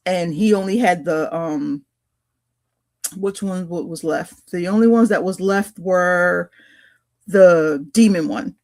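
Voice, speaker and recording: Slow and a little mellow, her voice sits on the low side. As a podcast co-host sharing a story in relaxed conversation, she wanders, hesitates, and keeps restarting, with fillers throughout.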